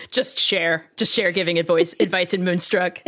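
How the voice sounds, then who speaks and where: A woman in her forties co-hosting a casual chat podcast, telling stories in an animated way with frequent laughter. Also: fairly low pitch, measured pace. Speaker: podcast co-host.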